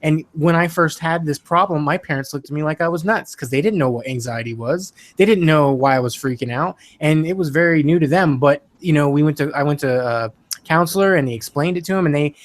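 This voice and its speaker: A man's voice: fairly high pitch, a little fast. Earnest, reflective podcast guest, male. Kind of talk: casual podcast conversation.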